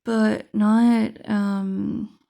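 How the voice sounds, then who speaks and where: A woman's voice: medium pitch, flat delivery, drawn-out words, vocal fry, mellow. A woman chatting casually as she opens a trading card pack, thinking aloud with many fillers and restarts. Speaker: card game vlogger. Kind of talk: casual unboxing chat.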